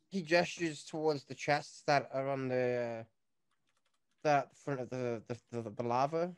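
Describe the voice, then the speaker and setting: A game master describes scenes in a tabletop game, drawling through the narration with plenty of fillers. The speech is slow and the pitch sits in the middle range. It sounds like a home microphone on a video call. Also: clear, resonant tone.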